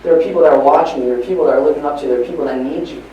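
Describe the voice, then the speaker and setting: A man gives a motivational talk in a big, echoey hall, heard from some distance away from the mic. His voice sits a little high and mellow in tone. He tells stories, dropping to a hush and then pressing hard on key lines. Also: rapid-fire, dull audio, a little hiss or hum. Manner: storytelling, swings between hushed and emphatic. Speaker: motivational speaker. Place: large hall at a live training event. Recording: echoey live hall recording from far off.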